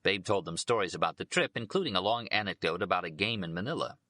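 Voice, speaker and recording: Deep-voiced man reading an audiobook. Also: animated, fast talker, bright, forceful tone, no echo. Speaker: audiobook narrator.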